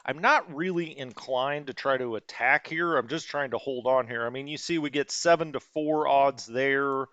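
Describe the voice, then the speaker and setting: A man's voice: medium pitch, normal speed, fairly bright tone, dry recording, muffled recording. A man hosting a strategy game stream, casually thinking aloud and correcting himself as he plans his moves. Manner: musing and thinking aloud, with many fillers and self-corrections. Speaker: host.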